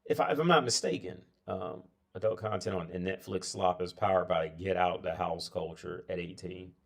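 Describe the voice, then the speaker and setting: Man, low deep voice, tired, casual livestream chat, rambling, lots of fillers. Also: moderate pace, vocal fry. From United States. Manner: rambling, heavy on filler words and restarts. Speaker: livestream host.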